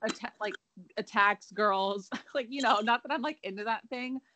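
A woman's voice: fairly high pitch, normal speed, pushed and bright, slight background noise, poor audio. A young woman co-hosting a casual chat podcast, chatty and playful, filling her talk with "like". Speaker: podcast co-host.

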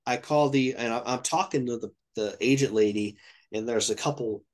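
His voice mid-range and his pace moderate, a man in his thirties from Ohio, USA, casually recounts a long trip, meandering through it and quoting people with lively impressions.

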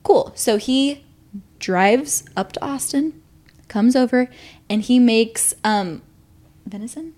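Animated swearing woman telling a story. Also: a little high, slow pace, long pauses. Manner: animated, swearing freely, acting out quotes. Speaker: podcast co-host. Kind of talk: casual chat, storytelling.

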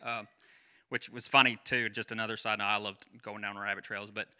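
A pastor in his forties giving a conversational sermon, chatty and quick to quiz the congregation and wander off on side stories. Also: fairly low pitch, flat delivery, pushed and bright, smooth. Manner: chatty, asks the crowd questions, goes off on tangents.

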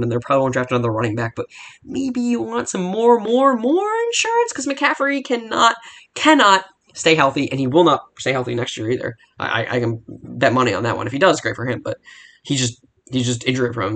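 A man's voice: mid-range voice, fairly bright tone. A young man hosting a casual football podcast, ranting in a heated, profane, rambling way with frequent restarts. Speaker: podcast host.

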